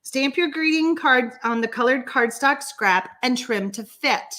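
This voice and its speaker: Woman, live-stream host, unhurried and higher-pitched, playful and chatty. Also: animated, pushed and bright. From Texas. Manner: chatty, teasing, reads out viewer comments. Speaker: livestream host of a card-making session. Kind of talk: casual live-stream chat.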